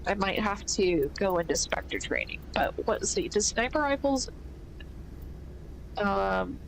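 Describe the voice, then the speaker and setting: A woman's voice: mid-range voice, sing-song, measured pace, creaky, a little hiss or hum, rough recording. A woman casually commentating a video game playthrough, thinking aloud with a stuffy nose. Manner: thinks aloud, rambling with fillers. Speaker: gaming streamer.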